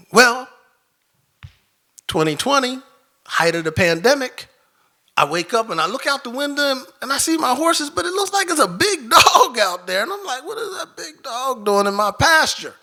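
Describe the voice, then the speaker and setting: A man telling a personal story live on stage, animated and laughing through it. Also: very high voice.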